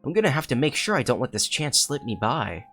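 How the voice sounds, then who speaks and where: A man's voice: medium pitch, big pitch swings, fairly quick, bright, forceful tone. A man reading aloud as an earnest teenage schoolgirl who dreams of becoming a teacher, in a plain read-aloud delivery over faint game music.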